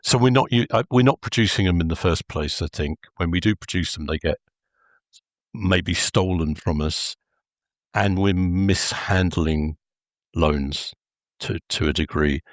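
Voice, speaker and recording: A podcast guest, a man with a low, deep voice who stops and restarts as he works through his point. The sound is dry and close, with no room around it. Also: dry recording. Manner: hesitant, halting, repeats words. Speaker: podcast panelist. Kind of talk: casual football podcast chat.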